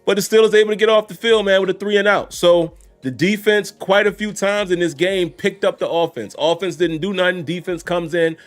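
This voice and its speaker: A man's voice: sits high, fairly quick, few pauses, faint music behind. A man giving casual, conversational reactions to a football game, talking straight to his viewers. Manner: conversational, addresses viewers as y'all and guys. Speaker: sports commentator host.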